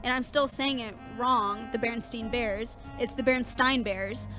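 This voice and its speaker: High-voiced chatty woman podcaster. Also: moderate pace, music in the background. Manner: animated, quotes lines in playful voices. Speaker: podcast co-host. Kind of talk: casual podcast chat.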